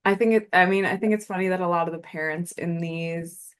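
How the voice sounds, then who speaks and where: A woman's voice: fairly low pitch, steady tone, a little fast, clear, resonant tone. A woman co-hosting a podcast in casual chat, laughing easily and swearing casually. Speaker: podcast co-host.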